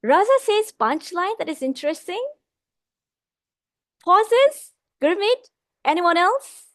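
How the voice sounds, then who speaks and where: Very high-pitched and highly animated, a woman with a Malaysian English accent teaches vocal delivery in a live webinar, addressing "my dear friends" and reading out their replies. She modulates her loudness and slows down for emphasis, and the studio-quality audio has no echo.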